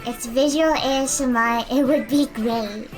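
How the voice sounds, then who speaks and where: A woman's voice: fairly high pitch, measured pace, music in the background. A woman streamer chatting casually while she paints, rambling and self-deprecating.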